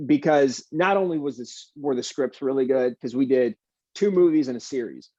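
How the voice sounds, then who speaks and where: A young adult man, an actor guest, chatting casually in an interview, easygoing and animated with plenty of fillers. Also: mid-range voice, normal speed, dry recording, lo-fi sound.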